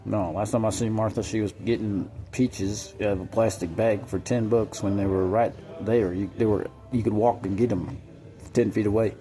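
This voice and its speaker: A man's voice: on the low side, fairly even intonation, moderate pace, mellow. A man talking to camera in a rambling, profane monologue that jumps from topic to topic.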